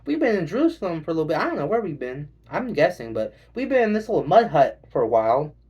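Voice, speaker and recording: A man's voice: fairly high pitch, very animated, darkish tone, slightly rough. Rambling, swearing stand-up comedian man. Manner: rambling, swearing, acts out quick voices. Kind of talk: stand-up set.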